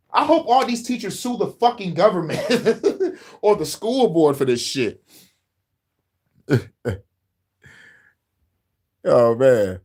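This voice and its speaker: A man's voice: high-pitched, big pitch swings, measured pace, pauses often. Laughing, profane man. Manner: laughing often, profane, loose slangy talk. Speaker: commentary streamer reacting to a video. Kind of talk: casual commentary.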